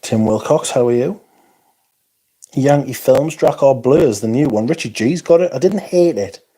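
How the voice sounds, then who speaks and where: A husky, dark-toned man of medium pitch, speaking at a moderate pace, runs a casual livestream and reads viewer comments aloud. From North East England, he sounds tired, rambles, mocks himself, and yawns and interjects often.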